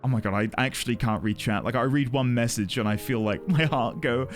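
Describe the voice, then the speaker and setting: A man's voice: mid-range voice, quick pace. A man streaming a game, rambling and flustered as he thanks his chat effusively.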